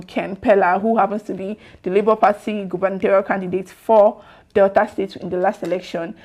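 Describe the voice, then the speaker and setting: A Nigerian woman speaking at a middle pitch, delivering political commentary as she reacts to posts. She talks conversationally, leans on fillers like "um" and "you know", and lets a sarcastic, opinionated edge come through. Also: a little mellow. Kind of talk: political commentary reading out social media posts.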